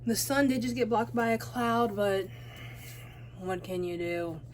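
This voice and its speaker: At home by a window, a teenage beauty vlogger chats casually while doing her makeup, rambling and breaking off into asides. Her medium-pitched voice moves at a measured pace, and she sounds out of breath. There's slight background noise.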